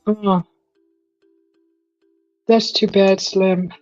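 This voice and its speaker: A woman's voice: mid-range voice, very slow. A woman hosting a live stream, chatting casually and animatedly, acting out the voices in her stories. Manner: animated, acts out quoted voices. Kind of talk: casual storytelling chat. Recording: slightly dull stream audio with faint music.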